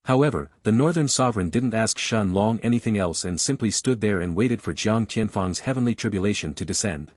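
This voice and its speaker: A man reading a fantasy web novel aloud in steady scripted narration, close to the mic. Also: fairly low pitch, a little fast, few pauses, no echo.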